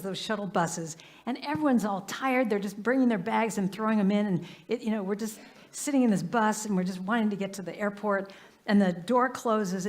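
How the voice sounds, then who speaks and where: A woman minister giving a sermon in a live church service, telling everyday stories in a conversational way and often saying "you know.". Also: medium pitch. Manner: conversational, warm anecdotes with frequent "you know". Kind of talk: storytelling sermon.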